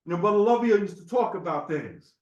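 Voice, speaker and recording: Man, temple speaker, high voice, loose storytelling sermon, roomy hall sound. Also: very animated, brisk, a little mellow, lo-fi sound. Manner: conversational, storytelling, asks the room "right?". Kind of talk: informal sermon talk.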